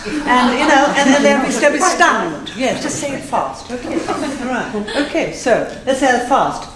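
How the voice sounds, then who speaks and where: Lady teaching a class live, kinda high voice, jokey, echoey room w faint hum behind. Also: lively intonation, over a noisy crowd. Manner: playful, self-mocking, drills phrases slowly then fast. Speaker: Spanish teacher. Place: classroom with audience.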